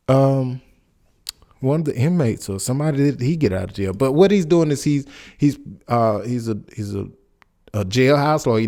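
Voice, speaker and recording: A man's voice: medium pitch, a little mellow. A man in his forties hosting a podcast, giving casual commentary and personal stories in a loose, rambling way with many restarts. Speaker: podcast host.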